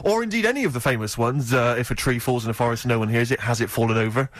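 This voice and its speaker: A man's voice: medium pitch, very fast. A man co-hosting a radio show, riffing playfully in dry, casual banter. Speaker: radio co-host. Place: radio studio.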